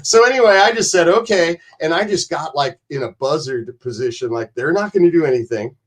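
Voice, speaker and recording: A man's voice: a little high, lively intonation, a little fast. A man guest telling rambling, profane backstage stories and acting out other people's lines. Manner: profane, rambling, acts out quoted voices. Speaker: podcast guest. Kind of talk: animated storytelling.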